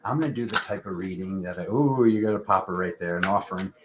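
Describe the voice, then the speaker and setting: A man with a fairly low voice hosts a casual live-stream tarot reading. He talks in an unhurried, rambling way, full of ums and spiritual phrasing. A faint hiss of noise sits under the recording. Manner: unhurried, rambling spiritual talk with many fillers.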